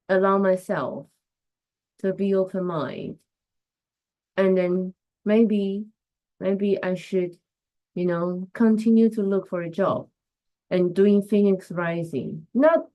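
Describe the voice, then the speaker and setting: A woman's voice: mid-range voice, dark tone. A woman hosting a casual live stream as a coach, talking reflectively and greeting viewers by name. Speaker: host and coach.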